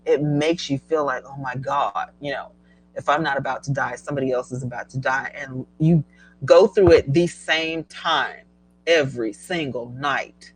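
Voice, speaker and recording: A middle-aged woman hosting a casual live stream, chatty and animated, laughing often as she reads viewer comments. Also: deep voice, rough recording. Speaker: livestream host.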